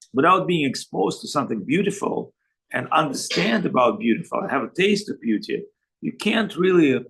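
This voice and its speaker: A man acting as a spiritual teacher, giving a talk over a video call. He tells joking anecdotes in halting, broken phrasing. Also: medium pitch, creaky, a bit bright, husky, low-quality recording. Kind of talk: spiritual talk answering questions.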